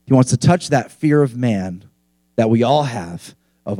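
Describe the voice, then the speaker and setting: A man preaching a sermon in an energetic, conversational way, often saying "like". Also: medium pitch, unhurried, no room sound.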